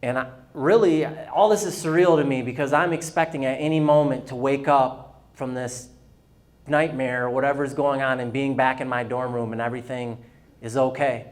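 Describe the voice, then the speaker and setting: A man's voice: mid-range voice, steady tone, normal speed. A man giving a personal testimony at a business luncheon, telling his story candidly and acting out the dialogue. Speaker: guest speaker.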